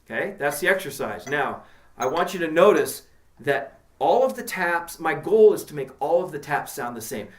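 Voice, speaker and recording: A man's voice: fairly high pitch, expressive, normal speed. A man teaching a drum lesson in a plain, practical coaching manner, counting beats aloud. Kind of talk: instructional talk with counting along. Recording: echoey room with clear drum and metronome noise.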